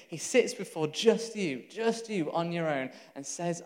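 A man preaching a sermon, telling a story in a lively, conversational way with laughs and asides. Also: on the high side, a little slow, few pauses, in a large hall.

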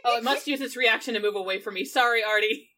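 A woman's voice: fairly high pitch, fast, sharp tone. A woman playing a tabletop role-playing game, narrating her character in a playful, giggly way. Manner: giggly, playful, slips into silly voices. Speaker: player.

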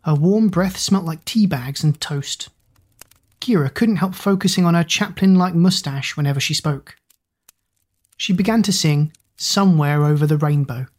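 A woman narrates a story in an even, measured reading voice. Her pitch sits on the low side, and her delivery stays steady from line to line.

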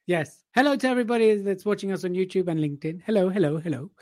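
A man's voice: high voice, fast, darkish tone, no room sound. A man co-hosting a podcast in casual banter, with playful, dry teasing. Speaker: podcast co-host.

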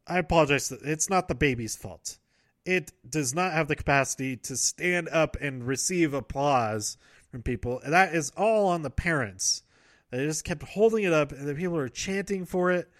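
A man's voice: medium pitch, normal speed, a bit bright, dry recording, clean studio sound. Rambling man recapping a show. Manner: rambling, self-correcting, laughs often. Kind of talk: casual wrestling show recap.

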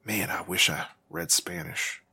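A man's voice: deep voice, unhurried, gravelly, sharp tone, breathy edge. A man playing a comic character in a tabletop role-playing game, rambling and hesitant. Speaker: player.

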